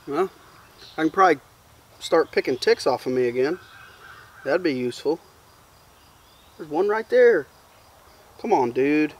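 A man's voice: on the high side, lively intonation, unhurried, pauses often. Chatty man rambling by a campfire. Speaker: bushcraft vlogger. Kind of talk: casual campfire chat to camera. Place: outdoors in the woods at a campsite. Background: crickets and insects.

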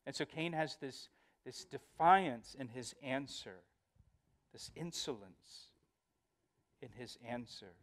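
A man's voice: medium pitch, expressive, takes it slowly, pauses often. A male pastor giving a verse-by-verse Bible study, earnest and emphatic, often repeating words as he explains.

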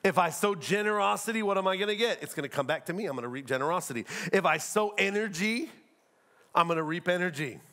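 Talking fast in a high voice, a middle-aged male pastor delivers an animated sermon. He throws rhetorical questions at the crowd and performs the quotes he cites.

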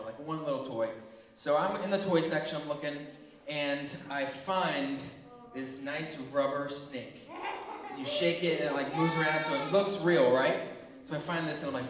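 A young man telling children a funny story from his childhood, animated and acting out screams and voices. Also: on the high side, a little hiss or hum. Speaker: children's ministry speaker. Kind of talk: storytelling to kids. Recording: echoey hall from far off.

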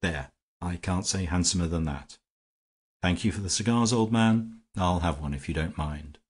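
A man voicing a clever, weary English gentleman with a dry, ironic manner, in an audiobook reading. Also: low-pitched, moderate pace, breathy edge.

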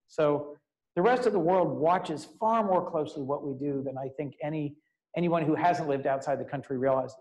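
A man in his fifties, a senator giving a public talk, telling an animated personal story with casual fillers. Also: fairly high pitch, brisk, rough recording. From United States. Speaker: U.S. senator, guest speaker. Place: law school lecture event, indoors.

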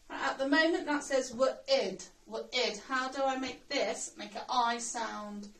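A woman's voice: on the high side, a bit bright. Lady teacher, sounds out words bit by bit, mic a little far off. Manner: slow, sounds out words letter by letter. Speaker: primary school teacher. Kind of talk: recorded writing lesson. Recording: roomy sound, mic at a distance.

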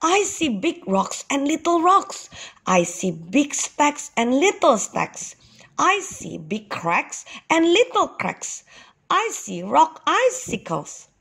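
A polite, eager little boy ox from a children's storybook, voiced by a woman reading aloud. He gasps with wonder at everything he sees, his voice lifting high and swinging widely. The delivery is slow with a husky edge. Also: exaggerated voice. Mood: excited. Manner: excited, wonder-filled exclamations.

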